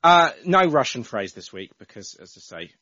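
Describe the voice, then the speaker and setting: A man's voice: medium pitch, very animated, normal speed, bright, forceful tone, muffled recording. A man hosting a casual football podcast, chatting with frequent restarts. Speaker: podcast host.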